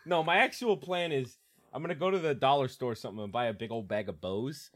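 A man's voice: medium pitch, fast, fairly bright tone. A young man, a podcast co-host, telling stories in casual chat while laughing and swearing a lot.

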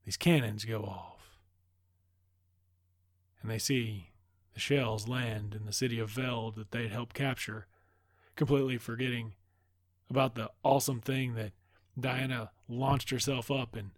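A man loosely retelling a film plot in a casual, profane ramble. His voice sits at an ordinary middle pitch. The sound is dry and close, with no room around it. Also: no echo. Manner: loose, rambling, swears freely. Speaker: movie recap host. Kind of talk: casual profane movie recap.

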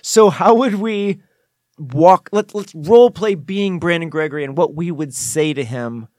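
This is a man with a fairly high voice, co-hosting a comedy podcast. He talks briskly and keeps steering the bits along. The recording is dry and close. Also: darkish tone, no echo. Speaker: podcast co-host.

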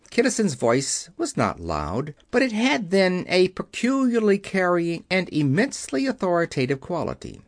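A man's voice: on the high side, sing-song, normal speed, no room sound, clean studio sound. A man narrating a novel as an audiobook reader. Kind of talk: scripted narration.

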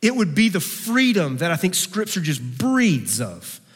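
A man's voice: high-pitched, huge pitch swings, a little slow, slightly rough. Fervent male preacher in a reverberant hall. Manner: swings from fervent raised delivery to hushed intimate pleading. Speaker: campus preacher. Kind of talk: sermon.

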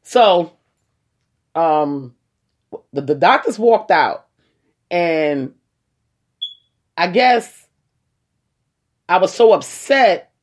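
A woman telling a personal story to her viewers in a casual, animated way, talking straight to them and acting out what people said. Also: fairly low pitch, very slow, pauses often. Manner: animated, acts out quoted voices; colloquial, addresses listeners as y'all.

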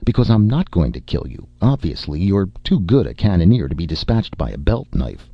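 A man voicing a big gruff barbarian warlord with a deep, rumbling voice, rueful and amused. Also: big pitch swings, brisk, dry recording, heavily acted. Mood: gently gruff. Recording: dull lo-fi recording.

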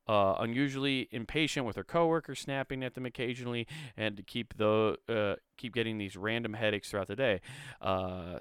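A man's voice: fairly low pitch, clean tone, no echo, clean studio sound. A man casually reading an article aloud and breaking off to ramble, swear and make sarcastic asides. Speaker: video host.

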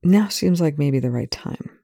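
A reader voicing a gruff male military colonel in a fan fiction reading, quiet and hesitant, with a lowered voice. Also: animated, a little slow, dry recording, clean studio sound.

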